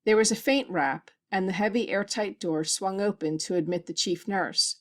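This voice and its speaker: Woman, audiobook narrator, science fiction story, steady even reading, mid-range pitch. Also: normal speed. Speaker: audiobook reader.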